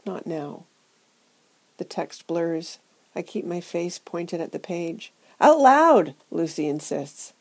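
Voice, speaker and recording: Low, warm-voiced woman narrating an audiobook. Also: low-quality recording. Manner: hushed, intimate, measured reading. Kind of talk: first-person literary narration.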